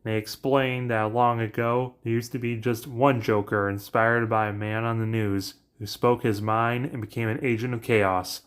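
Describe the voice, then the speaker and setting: A man with a mid-range voice talking through a story recap. His telling is casual, brisk and offhand, like someone chatting ideas to viewers. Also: mid-range voice, little pitch movement, clear, resonant tone. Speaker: narrator pitching story ideas. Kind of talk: casual plot recap narration.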